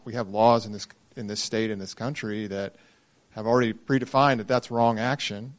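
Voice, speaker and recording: A man's voice: lowish voice, steady tone, moderate pace. A man asking his pastor a question and earnestly reasoning through his own view. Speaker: congregation member asking a question. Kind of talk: casual discussion.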